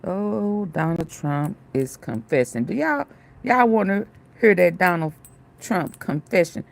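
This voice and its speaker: A woman's voice: lowish voice, expressive, measured pace, vocal fry. A woman giving casual livestream commentary in a sassy, scolding way, laughing often. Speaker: commentary vlogger.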